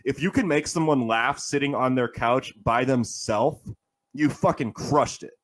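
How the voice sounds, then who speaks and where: A man's voice: mid-range voice, a little slow. A man who is a comedian and a guest on a podcast, telling stories in a laid-back way and laughing often. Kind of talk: casual chat, telling stories.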